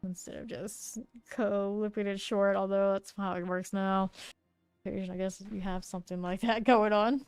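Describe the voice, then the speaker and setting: A woman's voice: medium pitch, level tone, measured pace, darkish tone, clean tone, faint music behind. A woman streaming a game live, chatting casually and narrating her moves with small laughs. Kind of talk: casual live gameplay commentary.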